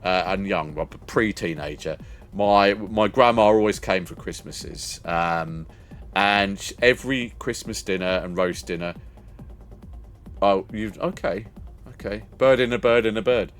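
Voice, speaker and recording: A man's voice: lowish voice, a little slow. An older man, chatting casually with viewers as a streamer, rambling and laughing often. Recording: faint music behind.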